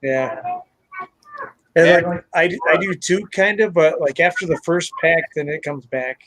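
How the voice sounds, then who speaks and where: A man's voice: a little high, a little slow, a bit bright, no room sound, low-quality recording. A man hosting a live stream, chatting casually, laughing and greeting viewers by name. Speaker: channel host.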